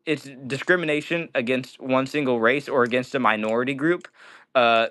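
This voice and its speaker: A man's voice: mid-range voice, fairly bright tone. A man hosting a casual indoor livestream, joking around and reading viewer comments aloud. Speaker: livestream host. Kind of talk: casual live-stream chat.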